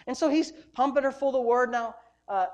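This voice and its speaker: A woman's voice: high voice, moderate pace, a little mellow. A woman pastor delivering a sermon, preaching emphatically and throwing rhetorical questions at the congregation.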